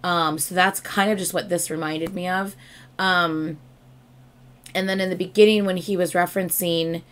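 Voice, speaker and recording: A woman's voice: lowish voice, steady tone, normal speed. A woman reacting to a music video in casual, chatty commentary, gushing and swearing freely.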